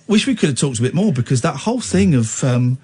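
A man's voice: medium pitch, sing-song, fast, dark tone, slightly rough. A man hosting late-night phone-in radio from a studio, playful and teasing with callers, laughing often.

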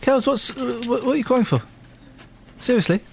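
A man's voice: very high voice, normal speed, vocal fry, a little hiss or hum. A man hosting a radio show, bantering playfully and teasing his co-hosts in mock-serious tones. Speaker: radio host. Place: radio studio.

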